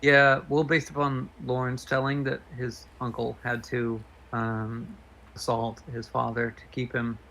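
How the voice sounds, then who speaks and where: A man guesting on a stream in casual chat, telling stories eagerly with quick asides to the audience. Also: mid-range voice, monotone, sharp tone, poor audio.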